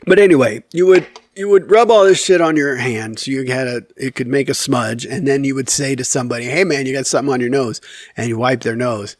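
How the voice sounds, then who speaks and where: A man of medium pitch tells a casual, rambling story straight to his viewers, full of ums and restarts. His humor is wry and self-deprecating. The sound is dry and close, with no room echo. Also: fairly quick, hardly any pauses. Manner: rambling and candid, with many fillers and self-corrections. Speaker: YouTube storyteller.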